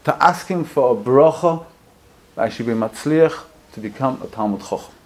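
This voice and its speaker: A man acting out a humble middle-aged water carrier, low and heartfelt. He pleads quietly, dropping his voice as he speaks in a storytelling sermon. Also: expressive, normal speed, slight background noise, natural voice. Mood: pleading.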